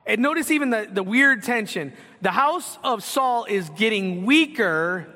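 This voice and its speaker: Male preacher, high and bright, lively teaching sermon with questions. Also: a little slow, in a large hall. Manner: animated teaching with questions to the congregation. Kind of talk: expository sermon.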